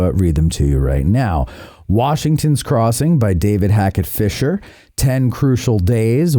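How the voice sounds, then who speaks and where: A man hosting a podcast in casual chat, a lively storyteller who laughs often. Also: on the low side, dry recording, clean studio sound. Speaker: podcast host.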